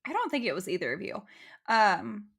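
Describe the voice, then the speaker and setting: A young adult woman co-hosting a casual podcast chat, steady and earnest, often chiming in with short agreement. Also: medium pitch, moderate pace, creaky, husky. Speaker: podcast co-host.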